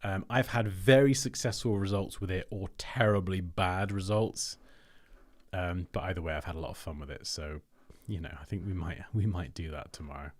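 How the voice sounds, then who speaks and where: Casting: man, lowish voice, easygoing livestream host who muses aloud while he works. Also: moderate pace. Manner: chatty, thinking aloud while working on screen. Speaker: livestream host reviewing designs. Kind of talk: casual livestream commentary.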